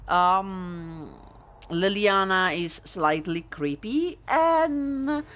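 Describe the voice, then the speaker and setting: A woman's voice: mid-range voice, animated, extremely slow, a bit bright. Chatty woman with sarcastic asides. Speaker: let's play host. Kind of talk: casual gameplay commentary.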